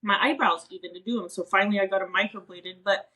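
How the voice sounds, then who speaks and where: A woman's voice: medium pitch, fairly even intonation, fast, pushed and bright, rough recording. A woman in her thirties telling a personal story in a candid, emotional way, quoting herself and others as she chats on a podcast. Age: 30s. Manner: emotional, earnest, quotes herself and others in a casual chatty way. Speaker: podcast co-host.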